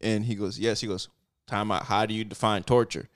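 A man's voice: fairly low pitch, steady tone, a little fast, dry recording, clean studio sound. A man co-hosting a podcast, telling a story in casual chat and often repeating his words as he goes. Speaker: podcast co-host.

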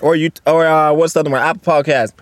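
A man rants alone on his own podcast in a fairly high voice, swearing constantly and rambling from one gripe to the next. He jumps from loud bursts to low mutters. The sound is dry and close, with no room around it. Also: steady tone, fast, no room sound. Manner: profane, rambling, swings between loud outbursts and low mutters. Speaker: podcast host. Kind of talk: solo casual podcast rant. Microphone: recorded on a phone and laptop.

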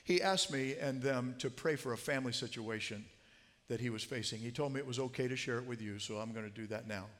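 A man's voice: mid-range voice, fairly quick, a bit bright. A man telling a story in a sermon, earnest and growing emphatic as he quotes. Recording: long hall reverb.

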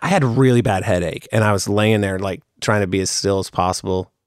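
A man's voice: on the low side, brisk, no echo, clean studio sound. A man co-hosting a podcast, telling rambling, joking stories in casual chat. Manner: rambling, laughing anecdotes about his kids. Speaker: podcast co-host.

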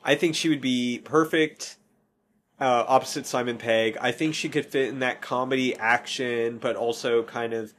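A man's voice: medium pitch, fairly even intonation, moderate pace, a bit bright. Man, podcast host, casual rambling chat, self-correcting, faint background hiss.

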